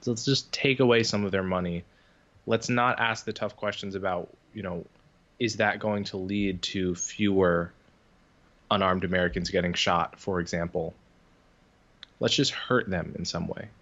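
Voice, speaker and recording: A man as a podcast guest, making measured, reasoned arguments with a few fillers. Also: deep voice, fairly even intonation, a bit bright. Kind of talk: casual interview conversation. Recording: dull lo-fi sound.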